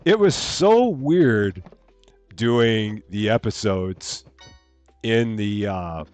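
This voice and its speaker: Lively chatty man streaming a game. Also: fairly low pitch, very slow, soft background music. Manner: chatty, reads chat aloud with bright greetings; says he projects louder than normal. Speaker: live streamer. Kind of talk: casual live-stream chat. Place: his room at home. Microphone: headphones on, desk mic.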